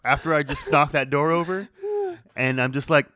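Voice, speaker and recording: A man's voice: fairly high pitch, steady tone, moderate pace, bright, forceful tone. A man hosting a podcast, casually telling a story, swearing freely and laughing as he goes. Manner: laid-back, swears freely, laughs through his story. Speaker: podcast host.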